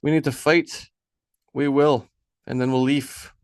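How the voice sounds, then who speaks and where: Gruff viking war leader, put on by a male reader, firm and steady, mid pitch, dead dry room. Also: a little slow, no echo, close to an everyday voice. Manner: firm, decisive, a little archaic speech. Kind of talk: audiobook character voice.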